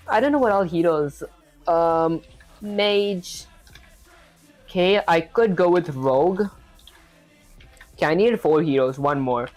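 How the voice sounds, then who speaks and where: A woman's voice: on the low side, low-quality recording. A woman streaming herself learning to code, talking through each step in a chatty way and answering viewers' comments, with a non-standard English accent. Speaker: programming streamer. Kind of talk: live coding stream, thinking aloud.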